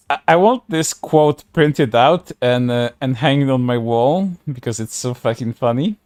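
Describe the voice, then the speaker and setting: A man's voice: medium pitch, unhurried, hardly any pauses, darkish tone, no echo, clean studio sound. A man streaming casual commentary, reading posts aloud in a sarcastic way, laughing and swearing often.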